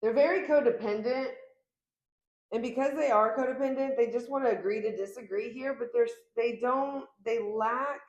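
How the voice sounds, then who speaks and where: At home in front of the camera, a woman gives a relaxed tarot reading, talking emphatically and performing quoted lines with large swings in pitch. Her darkish voice moves at a moderate pace, recorded with lo-fi sound in an echoey room.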